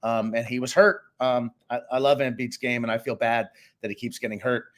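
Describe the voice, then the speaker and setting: A middle-aged man from Boston, co-hosting a casual sports podcast and giving opinionated, animated takes. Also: mid-range voice, fairly quick. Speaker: co-host and sports analyst.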